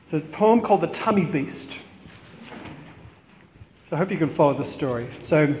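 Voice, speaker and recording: A man's voice: a little high, expressive, moderate pace, pauses often, darkish tone, reverberant, long reverb tail, a little hiss or hum. A man giving a conversational, reflective sermon in a chapel. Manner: conversational, reflective, many "you know" fillers. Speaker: priest.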